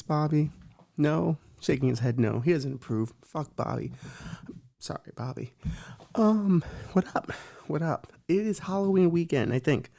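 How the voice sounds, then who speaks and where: A young man running a comedic talk show, cursing freely and joking sarcastically to the audience. His voice sits a bit high for a man but has a soft, mellow tone. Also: expressive, a little slow, vocal fry. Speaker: host.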